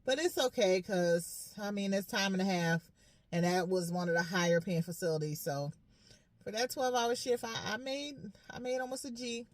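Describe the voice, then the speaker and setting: A young adult woman nurse, chatting and ranting to camera in a lively, frank way. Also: medium pitch, moderate pace, no echo. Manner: chatty, animated, says "y'all" and "honey". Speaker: nurse and vlogger. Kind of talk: casual rant to camera.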